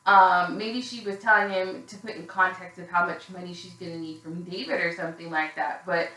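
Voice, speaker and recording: A woman's voice: lowish voice, steady tone, brisk, sharp tone, roomy sound, low-quality recording. A woman casually recapping a reality show, candid and gossipy, swearing freely with plenty of fillers, sounding a little tired.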